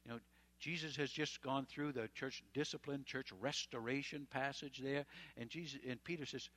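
Folksy male preacher, mid-pitched. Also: fairly even intonation, normal speed, fairly bright tone. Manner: conversational, folksy retelling with asides. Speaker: pastor. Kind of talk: sermon.

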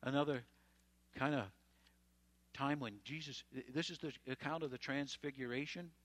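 Male pastor, middle-pitched voice, easygoing conversational sermon with asides. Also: steady tone, moderate pace, fairly bright tone, no echo. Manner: conversational, folksy retelling with asides.

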